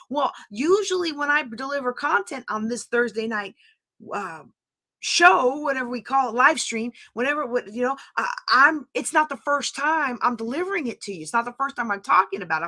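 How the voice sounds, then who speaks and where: A middle-aged woman, hosting a live stream class, chatty and talking straight to her viewers, her voice going high and screechy when she gets excited. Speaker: podcast host teaching a live class.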